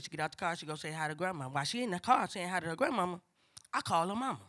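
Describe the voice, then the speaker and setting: A woman's voice: on the low side, brisk, long pauses. An older woman with telling a family story on stage, conversational and acting out voices of her relatives. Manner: animated, acts out family voices, casual and conversational. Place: stage before a live audience.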